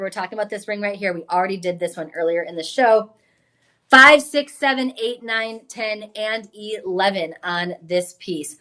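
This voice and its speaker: A woman hosting a live home-shopping show, pitching jewelry in an enthusiastic, chatty way with frequent exclamations. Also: fairly bright tone. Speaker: shopping channel host.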